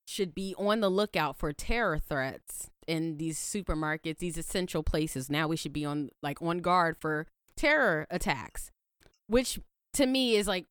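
A young adult woman co-hosting a podcast, talking in blunt, profane, animated casual chat. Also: lowish voice, clean tone, no echo, studio quality. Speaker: podcast co-host.

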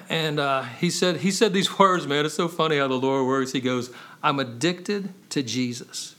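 A man's voice: a little high, moderate pace, bright, forceful tone. A man sharing his personal testimony as a podcast guest, earnest and conversational, often adding "man" and "you know.".

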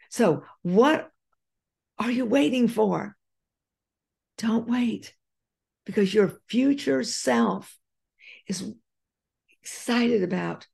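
A woman's voice: medium pitch, gravelly, dark tone. A woman giving an earnest, encouraging motivational monologue straight to her audience, often repeating her phrases. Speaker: motivational speaker.

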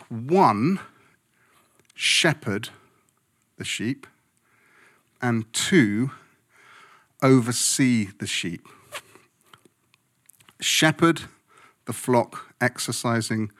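A man's voice: medium pitch, animated, very slow, pauses often, a bit bright. A man preaching a sermon as a pastor, speaking emphatically and conversationally, often checking in with his listeners.

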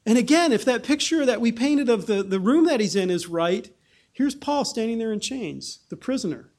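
A man preaching a sermon in an animated way, often restarting phrases and acting out the people he quotes. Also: very high voice, normal speed. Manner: animated, acts out quoted voices, frequent restarts.

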